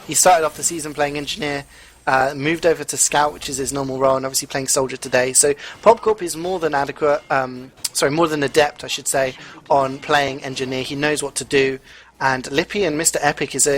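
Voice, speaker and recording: A man doing live esports commentary as co-caster, talking in a chatty way and filling pauses with fillers and restarts. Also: fairly high pitch, a bit bright.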